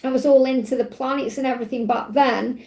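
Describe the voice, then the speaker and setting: A woman's voice: high-pitched, fairly even intonation, fairly quick, dark tone, echoey room. A woman hosting a spiritual live stream, talking in a heartfelt, rambling way with plenty of fillers. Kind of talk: emotional live-stream talk.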